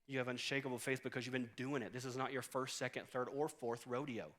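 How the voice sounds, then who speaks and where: A man's voice: mid-range voice, level tone, quick pace, fairly bright tone. A man in his late thirties delivers a sermon as pastor from a church stage. He talks in a conversational, storytelling way and works humor into it. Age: 30s.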